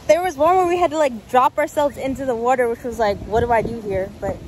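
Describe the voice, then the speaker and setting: A young woman talking casually to the camera in a travel vlog, chatty and excitable, saying "y'all". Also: fairly high pitch, fast, low-quality recording. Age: young adult. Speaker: vlogger. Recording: loud background noise.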